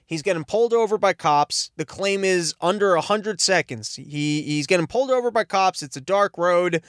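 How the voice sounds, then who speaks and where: A man talks in a loose, sarcastic monologue, drifting between tangents and cutting himself off mid-thought. His voice sits fairly high for a man. The sound is dry and close, with no room in it. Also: animated, moderate pace, fairly bright tone, no echo. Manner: rambling, sarcastic, self-interrupting. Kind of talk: rambling comedic monologue.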